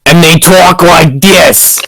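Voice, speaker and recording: A man chatting casually with fellow tabletop game players, playful and quick to laugh. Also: fairly high pitch, vocal fry, pushed and bright, no room sound, low-quality recording. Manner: giggly, playful. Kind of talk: casual chat.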